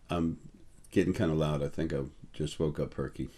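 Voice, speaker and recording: A man hosting a spiritual video, rambling through a casual monologue to his viewers and leaping higher in pitch whenever he quotes someone. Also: steady tone, moderate pace, warm tone. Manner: storytelling, jumps up high when quoting people.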